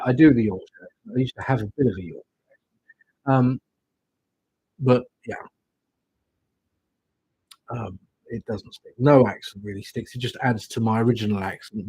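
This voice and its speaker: A man's voice: mid-range voice, mellow, slightly rough, poor audio. An English man giving tarot readings on a livestream, musing and rambling with chatty asides. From England. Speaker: tarot reader.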